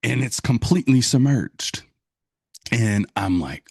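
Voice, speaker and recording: Speaking at a normal pace in a middle register, this Wisconsin man is a guest speaker delivering an inspirational talk. He addresses listeners as folks and y'all and storytells with animation, his pitch frequently jumping as he performs his amazement, all captured dry and close without echo.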